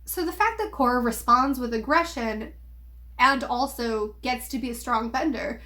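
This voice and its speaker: A young woman giving an opinionated, emphatic video commentary, pausing often with ums. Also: a little high, bright, forceful tone. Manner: critical, emphatic, with frequent ums. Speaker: video essayist.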